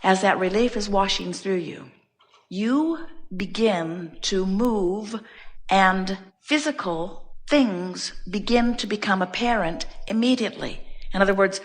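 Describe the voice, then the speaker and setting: A woman giving a spiritual teaching talk to an audience, telling stories with emphasis and repeating her key phrases. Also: mid-range voice. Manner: animated storyteller acting out everyday scenes. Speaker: inspirational speaker.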